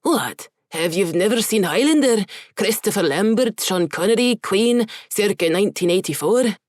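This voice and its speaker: A woman's voice: medium pitch, moderate pace, no room sound, pitched above the performer's own voice, lightly acted. Storybook demon gargoyle, male, ancient, theatrical with a fake Scottish brogue , a woman reading him, dry close sound. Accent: put-on Scottish brogue. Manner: theatrical, deadpan. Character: pudgy male demon gargoyle, centuries old, flamboyant.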